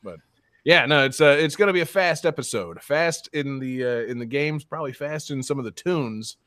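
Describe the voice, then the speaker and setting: A man's voice: on the high side, expressive, moderate pace, a bit bright, no room sound, studio quality. Joking rambling podcast guy. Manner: rambling, laughs a lot, swears freely. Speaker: podcast co-host. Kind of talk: casual joking banter.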